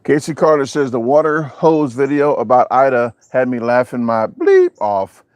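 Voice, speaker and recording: Showing off his backyard on camera from home, this man reads viewer comments aloud during a casual live chat, joking and rambling with a southern-US manner of speech. His mid-range, slightly mellow voice is very animated at a moderate pace, captured in a dry recording.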